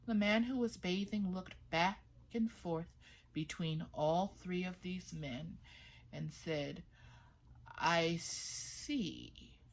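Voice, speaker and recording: A woman storyteller narrating a folktale for young listeners. Her delivery is expressive, shifting between lively and hushed. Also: lowish voice, slow. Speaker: children's storyteller.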